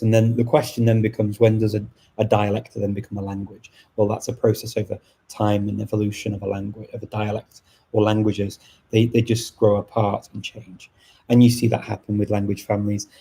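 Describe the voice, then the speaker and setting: A middle-aged man talks in a loose, unscripted live-stream chat. His low voice is husky and dark, and his pitch stays flat. He rambles thoughtfully, pausing and restarting his sentences. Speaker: language channel host.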